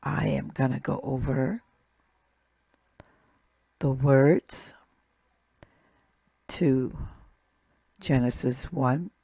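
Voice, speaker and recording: A woman teaching a recorded language lesson, speaking slowly and deliberately and repeating each word. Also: a bass voice, creaky, dark tone, slightly rough, no room sound. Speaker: Hebrew teacher.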